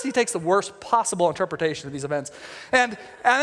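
Animated high-voiced male preacher. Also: fairly quick, long reverb tail. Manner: animated storytelling, acting out characters. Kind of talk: sermon.

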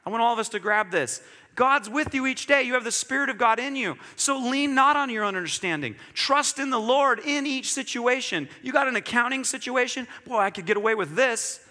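Animated bright-voiced male pastor in a hall. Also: very high-pitched, fairly quick. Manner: animated storytelling with acted-out dialogue. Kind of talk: sermon. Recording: long hall reverb.

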